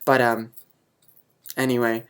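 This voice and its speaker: A young man answering viewer questions to camera, halting and full of ums, earnest and openly emotional. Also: mid-range voice, level tone, a bit bright, smooth. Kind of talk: casual chat to camera.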